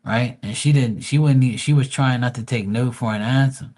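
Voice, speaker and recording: A man's voice: mid-range voice, moderate pace, a little mellow. A man telling stories in a casual, crude and mocking rant, full of swearing, with stammered restarts. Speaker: vlogger.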